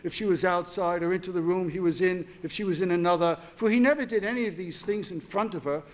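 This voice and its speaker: A man reading his own short story aloud at a literary event, with steady narration and quick self-corrections. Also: high-pitched. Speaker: author reading his fiction.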